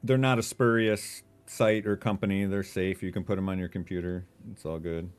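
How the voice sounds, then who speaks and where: A man live-streaming a video game, thinking aloud in a relaxed, casual way and swearing now and then. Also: sits low, normal speed, smooth.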